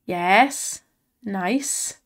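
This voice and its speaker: An excitable woman commenting on slot spins and cheering the reels on, her voice strained from shouting. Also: medium pitch, drawn-out words. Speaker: slot streamer.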